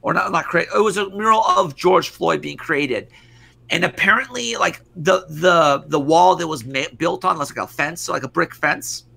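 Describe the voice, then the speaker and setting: A man with a fairly high, gravelly voice and a bright, edgy tone, ranting in profane casual commentary. He stumbles and restarts as he talks, sounding like a stream co-host riled up over the news. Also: normal speed.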